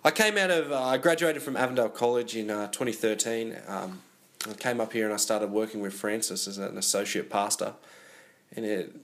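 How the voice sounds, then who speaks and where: A young man, a church planter talking as a podcast guest, relaxed, laughing often and restarting his sentences. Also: lowish voice, brisk. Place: small bedroom at a camp. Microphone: passed-around phone.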